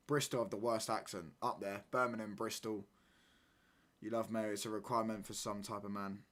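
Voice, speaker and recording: Young guy, live watchalong streamer, slangy chat, loud when ranting. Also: fairly low pitch. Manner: casual slangy banter, repeats phrases, gets loud when ranting.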